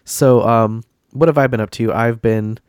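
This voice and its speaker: A man's voice: medium pitch, fairly even intonation, moderate pace, a little mellow, clear, resonant tone, no room sound, clean studio sound. A man hosting a casual gaming podcast, stuffy and congested from a cold, rambling with many fillers and restarts. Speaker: podcast host.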